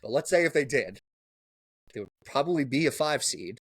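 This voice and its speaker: A man's voice: mid-range voice, lively intonation, normal speed, breathy edge, no echo. A young man co-hosting a casual sports podcast, rambling and restarting his sentences a lot, with easy cursing. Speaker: podcast co-host.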